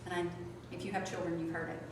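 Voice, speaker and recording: A woman teaching a small group, swinging from soft asides to loud outbursts. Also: on the low side, level tone, brisk. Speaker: spiritual teacher. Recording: echoey room from a distance, faint noise.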